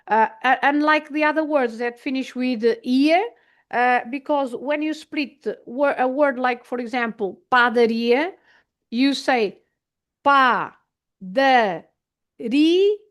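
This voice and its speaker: Slow, patient woman language teacher. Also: sits high. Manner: patient, spells out and repeats words slowly; frequent hesitant fillers. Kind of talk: online language lesson.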